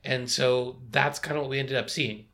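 A man co-hosting a sports podcast, giving quick, analytical breakdowns and reading off stats. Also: medium pitch, steady tone, vocal fry, a bit bright. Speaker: podcast co-host.

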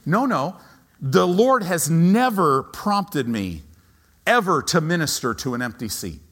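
A male pastor preaching a sermon in a church sanctuary, animated, swinging between hushed asides and loud peaks. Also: on the high side, unhurried. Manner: animated, dramatic shifts between hushed and shouted.

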